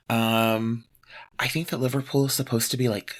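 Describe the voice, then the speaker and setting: A man co-hosting a podcast in easygoing chat. His voice sits at an ordinary pitch. He offers playful, hesitant guesses padded with ums and uhs. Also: little pitch movement, moderate pace. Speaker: podcast co-host. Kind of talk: casual chat.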